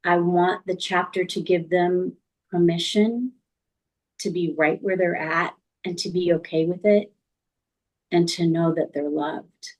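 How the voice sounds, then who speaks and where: A woman's voice: fairly low pitch, steady tone, a little slow, poor audio. A middle-aged woman author speaking as an interview guest, earnest and thoughtful in her reflections.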